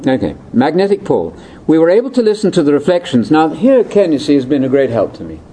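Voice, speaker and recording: Older man, conference lecture, ad-libbed, wry asides, warm mellow tone, faint room hiss. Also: a little high, huge pitch swings, quick pace, low-quality recording. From Britain. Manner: chatty, wry, with asides and laughs. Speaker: speaker at a religious conference. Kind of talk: ad-libbed lecture to a live audience.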